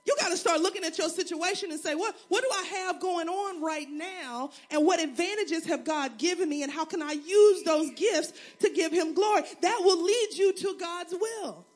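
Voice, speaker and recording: A woman pastor preaching a sermon, acting out voices in her stories and building to shouts. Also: very high-pitched, moderate pace, few pauses.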